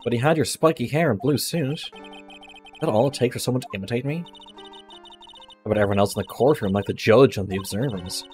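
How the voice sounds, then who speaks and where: A flustered young defense lawyer with a dry, sarcastic streak, read by a man in his ordinary voice. He sounds mid-pitched and plain. Faint music sits underneath the game dialogue. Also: a little fast, long pauses, a little mellow, natural voice.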